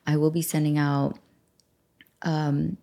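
On her self-help podcast, a life coach chats into a studio microphone and leads a relaxed journaling exercise, affirming listeners and acting out her inner thoughts. She takes it slowly, her low, gravelly, dark voice showing little pitch movement.

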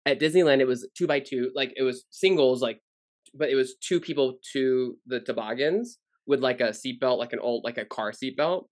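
On a laid-back podcast, this co-host meanders through his stories with lots of fillers. He speaks at a normal speed and medium pitch in a dry, clean studio recording.

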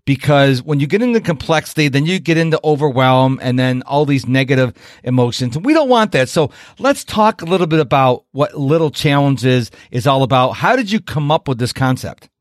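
A man's voice: mid-range voice, no room sound, studio quality. An enthusiastic man hosting a podcast interview, talking up his show and his guest. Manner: enthusiastic, self-promoting. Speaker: podcast host.

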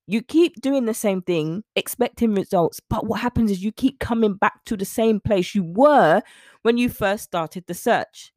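A woman hosting a solo podcast, chatty and animated, acting out little scenes as she talks. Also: mid-range voice, no room sound, clean studio sound. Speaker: podcast host.

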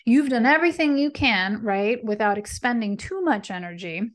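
A woman hosting a tarot reading, speaking in an animated, encouraging way and often checking in with her listeners. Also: fairly high pitch, normal speed. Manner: animated, encouraging, checks in with frequent "right?" and "okay?"; speaks affirmations with conviction. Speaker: tarot reader and podcast host. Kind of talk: casual spiritual guidance talk.

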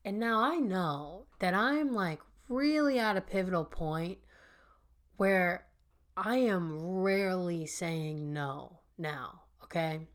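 A woman's voice: on the low side, animated, takes it slowly. A woman in her thirties hosting a podcast, telling a personal story and speaking earnestly and directly to her listeners. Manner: earnest, addresses listeners directly as "you guys". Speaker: podcast host and healing coach.

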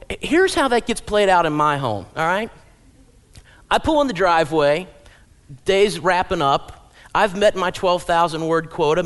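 A man's voice: high voice, fairly bright tone. A man pastor preaching a sermon in a church auditorium, telling humorous stories and acting out quotes. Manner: humorous storytelling, acts out quotes.

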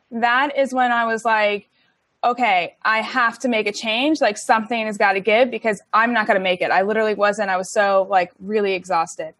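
A woman's voice: on the high side, no echo, studio quality. A young woman telling her story in a chatty, casual way, with many likes and ums and laughs between phrases. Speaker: interview guest.

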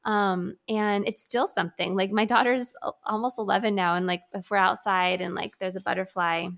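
Casting: woman, 30s, gravelly edge, open and chatty storyteller. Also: mid-range voice, steady tone, normal speed, fairly bright tone. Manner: candid, storytelling with many fillers. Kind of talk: casual conversation about loss.

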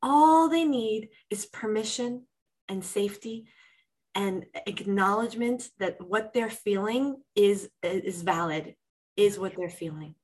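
A woman talking as a guest on a podcast, warm coaching chat that acts out inner voices with lively shifts. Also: mid-range voice, takes it slowly, poor audio. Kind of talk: casual interview chat.

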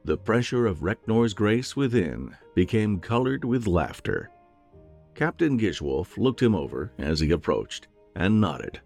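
Gravelly low-voiced male fantasy narrator. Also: measured pace, soft background music. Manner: expressive storytelling. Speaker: audiobook narrator. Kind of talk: scripted fantasy audiobook narration.

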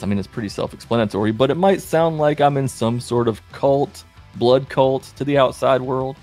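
A man in his late twenties telling stories in a wry, self-deprecating, animated way as a vlogger. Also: lowish voice. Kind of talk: casual self-mocking storytelling.

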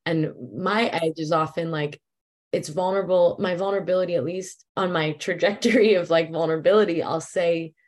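A woman with a notably low voice speaks as a guest on a relaxed podcast. She is thoughtful and searching, circling back and repeating words as she finds what she means. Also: fairly quick. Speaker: guest, intimacy coach. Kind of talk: casual conversational interview.

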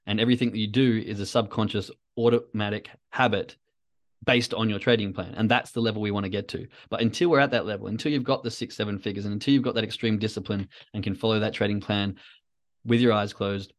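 A man's voice: fairly low pitch, fairly even intonation, fast talker. A man hosting a solo podcast, talking in a rambling, reflective, self-coaching way. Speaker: podcast host.

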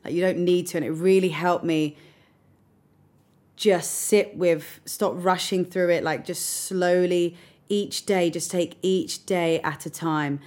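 A woman's voice: on the low side, steady tone, slow pace, darkish tone. A young adult woman telling a personal story as an interview guest, reflective and open, sometimes close to tears. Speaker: guest recounting a hard period.

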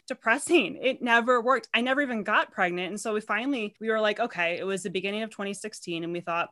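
A woman guest on a podcast, telling her story in an emotional, expressive way and acting out what people said. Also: medium pitch, fast, hardly any pauses. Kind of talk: personal storytelling interview.

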